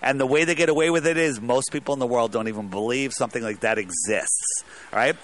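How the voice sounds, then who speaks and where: Emphatic rambling man, bright voice. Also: mid-range voice, quick pace. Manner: rambling, emphatic, restarts a lot. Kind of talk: casual talk radio call.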